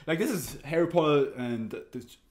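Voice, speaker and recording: A man's voice: on the high side, expressive, unhurried. A man hosting an anime reaction video, chatting casually while he stands, jokey and laughing often.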